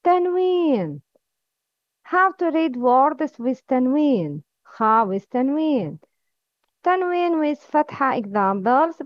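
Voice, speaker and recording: A woman teaching Arabic letters, drilling words slowly and asking the listener to repeat after her. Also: sits high, no room sound. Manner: slow, careful drilling with repeat-after-me prompts. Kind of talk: slow recorded lesson. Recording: dull, lo-fi sound.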